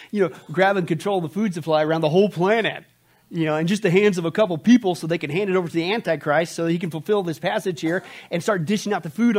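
High-voiced sarcastic male preacher. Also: a little mellow. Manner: emphatic, sarcastic, rapid asides. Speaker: Bible prophecy teacher. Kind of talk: sermon-style Bible study lecture.

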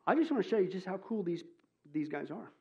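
A man preaching a sermon as pastor, joking and animated, swinging from loud exclamations to hushed asides. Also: sits high, fast talker, highs cut off, background noise.

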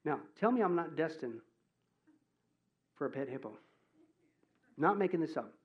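A man preaching a sermon as pastor, joking and animated, swinging from loud exclamations to hushed asides. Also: a little high, moderate pace, highs cut off.

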